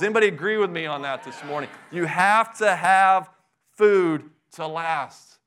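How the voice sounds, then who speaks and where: A middle-aged man preaching a sermon, his voice bright and forceful and a little higher than most men's. He talks to the congregation conversationally, firing off rhetorical questions and pressing his points with fervor. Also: normal speed, a little hiss or hum. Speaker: pastor.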